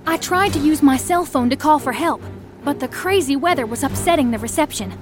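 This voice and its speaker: A woman narrating a first-person audio story, expressive, acting out the shouted lines. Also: high-pitched, a little fast, faint music behind.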